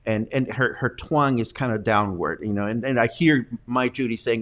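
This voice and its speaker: A man's voice: medium pitch, moderate pace, few pauses, fairly bright tone. Chatty rambling male host. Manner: chatty, rambling, lots of ums and uhs. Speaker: host of a live news show. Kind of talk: casual live-stream news chat.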